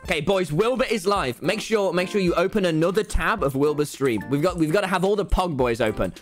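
Excitable young man streaming a game. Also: sits high, a little fast, soft background music. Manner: excitable, frequent laughing and yelling, repeated words. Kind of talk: live gameplay stream commentary.

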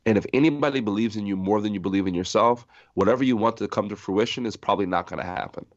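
A middle-aged man from New Jersey, a podcast guest telling stories in a lively way, acting out the people he quotes. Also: lowish voice, fast, dry recording. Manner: animated storyteller acting out quoted voices, laughing often. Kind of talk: storytelling in a podcast interview. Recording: dry muffled sound.

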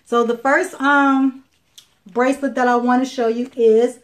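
A chatty woman with a fairly high voice shows off jewelry on a live video stream. She repeats herself and fills pauses with ums as she talks close to a phone or webcam. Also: little pitch movement. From Chicago, Illinois.

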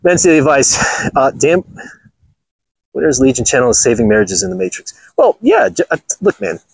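A blunt, crude man rants and mocks as he walks a golf course, laughing often. His voice is husky and breathy, and his pitch swings about widely. The sound is dry, with little echo. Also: very animated, brisk. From Los Angeles, USA. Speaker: channel host. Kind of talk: casual walking vlog rant.

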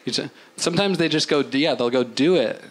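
A man's voice: a little high, quick pace, fairly bright tone. A man doing an improvised stand-up set on a club stage, loose and rambling, swearing a lot and mocking himself. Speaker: stand-up comedian. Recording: noisy live club recording. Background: audience laughter.

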